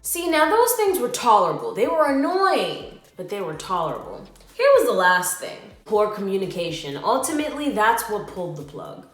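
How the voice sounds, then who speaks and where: A woman's voice: mid-range voice, sing-song, normal speed, few pauses, soft background music. A woman telling a storytime on her travel vlog, slangy and emphatic as she vents. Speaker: travel vlogger. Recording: roomy echo.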